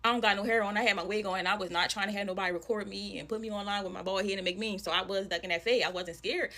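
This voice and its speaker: A woman telling a storytime to camera, animated and slangy, calling her viewers y'all. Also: medium pitch, very fast. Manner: animated storytelling, acting out voices in quotes.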